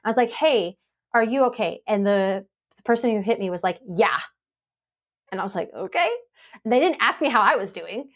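A woman on a podcast, coaching and telling a story with lively quoted voices. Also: mid-range voice, fairly quick. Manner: animated storytelling, acts out quoted dialogue. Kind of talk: casual podcast conversation.

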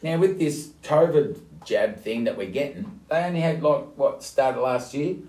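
A middle-aged man with an Australian accent chatting casually as a podcast co-host. His talk is blokey and matey, and he gets loud when he is excited. His pitch sits in the middle of the range. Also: moderate pace, roomy sound. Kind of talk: casual chat.

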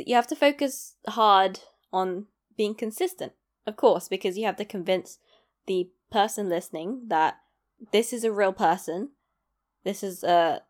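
A young woman and aspiring voice actor, talking casually to camera in a chatty, self-deprecating way, laughing often. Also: medium pitch.

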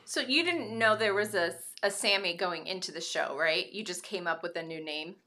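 A woman's voice: on the low side, moderate pace, sharp tone. A woman hosting a podcast, bantering playfully and teasing before she asks her questions. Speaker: podcast host. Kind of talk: casual interview chat.

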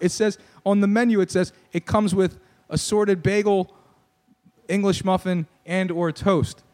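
Animated young man ranting with laughs. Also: sits high, a little slow. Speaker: podcast host. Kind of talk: casual sports talk banter.

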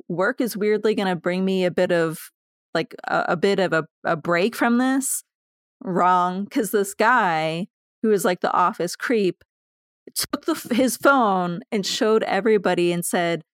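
A woman's voice: mid-range voice, no echo, studio quality. Woman telling candid personal stories. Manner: animated, laughs while telling stories. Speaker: podcast guest. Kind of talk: candid conversational storytelling.

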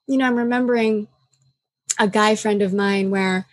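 A woman's voice: medium pitch, steady tone, moderate pace, no room sound. A woman in casual conversation, speaking candidly and reflectively, with lots of "like" and acted-out quotes. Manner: reflective and candid, filler-heavy, acts out quoted dialogue.

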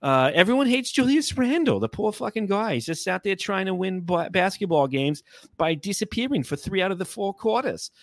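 A man's voice: high voice, sing-song, brisk, dry recording, pitched above the performer's own voice. A podcast host putting on an exaggerated New York accent as a mocking, swearing male sports fan. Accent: put-on New York.

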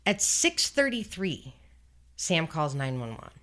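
A woman hosting a true-crime podcast, chatting about a case with her co-host. Her voice is bright and her pitch jumps around a lot. She is blunt and swears easily. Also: takes it slowly. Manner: animated and blunt, swears freely.

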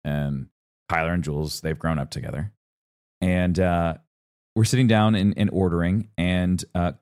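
A man in his thirties co-hosting a casual podcast, telling stories and acting out what people said. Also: low voice. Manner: animated storyteller who acts out quotes. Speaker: podcast co-host.

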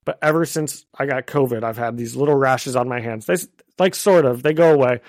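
A man's voice: medium pitch, fairly quick, darkish tone, no room sound, studio quality. A man co-hosting a podcast, chatting casually with a slight cough as he gets over a cold, laughing often. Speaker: podcast co-host. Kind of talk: casual chat.

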